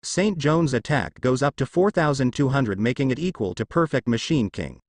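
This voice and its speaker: A man reading the lines of a timid young woman card duelist in a soft, flat way. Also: mid-range voice, normal speed, dry recording, lightly acted. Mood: earnest.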